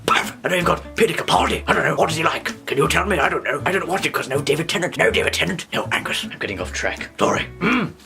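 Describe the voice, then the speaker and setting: Young British guy, comic game reviewer, fairly high gravelly voice, lots of tangents and snatches of song. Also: expressive, quick pace, hardly any pauses, bright, forceful tone, faint music behind. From England. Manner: rambling, sweary, breaks into song and tangents. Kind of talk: comedic video game review.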